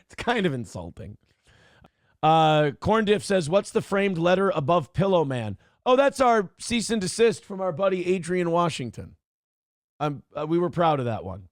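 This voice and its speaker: A man hosting a casual talk show, telling stories in an animated way, swearing and acting out quotes with sudden jumps in his voice. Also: on the high side, normal speed, no room sound, studio quality. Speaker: podcast host. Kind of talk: casual storytelling chat.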